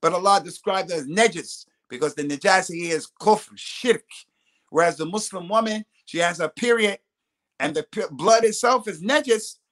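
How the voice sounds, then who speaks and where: Speaking in a high-sitting, somewhat bright voice, a man acts as a religious scholar answering questions on a live stream. His explanations run long, and he delivers Arabic quotations quickly.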